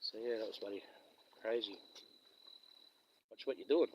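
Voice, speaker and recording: At a moderate pace and a lowish pitch, a Western Australian man chats on a live stream while fishing outside, rambling and chuckling through his stories. The audio is dull, with slight background noise.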